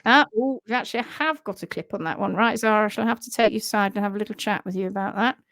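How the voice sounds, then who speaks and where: A woman's voice: medium pitch, quick pace, fairly bright tone, no room sound. A woman hosting a horse care live show, chatting in an upbeat, giggly way. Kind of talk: casual live-stream chat.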